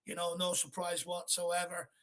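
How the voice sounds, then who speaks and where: A man's voice: sits high, completely flat delivery, moderate pace, a bit bright. A man hosting a live football fan chat, angry and blunt, swearing as he vents. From Ireland. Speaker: fan channel host.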